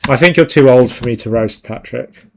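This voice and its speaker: A man's voice: medium pitch, moderate pace, vocal fry, a little hiss or hum. A man hosting a live stream, chatting casually and jokingly with viewers while he works, laughing often. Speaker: 3D art stream host.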